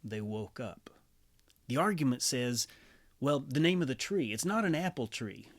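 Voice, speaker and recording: A man's voice: mid-range voice, animated, moderate pace. Casual guy storyteller, mid voice, chatty with lots of asides. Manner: conversational, with fillers and asides. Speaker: storyteller and songwriter.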